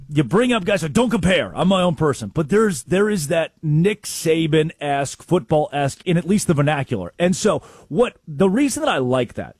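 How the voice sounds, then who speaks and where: A man co-hosting a sports talk show, telling excitable stories and mimicking coaches with sudden outbursts. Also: on the high side, husky, no echo.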